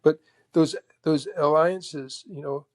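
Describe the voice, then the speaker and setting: A man in his sixties from Canada, a guest telling animated anecdotes and acting out both sides of old conversations. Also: fairly high pitch, takes it slowly. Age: 60s. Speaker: guest, golf professional. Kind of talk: casual storytelling chat.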